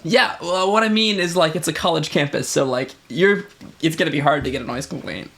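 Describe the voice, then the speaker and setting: A man's voice: on the high side, a little fast, vocal fry, fairly bright tone. A man co-hosting a podcast in casual chat, teasing his partner and laughing often. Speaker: podcast co-host.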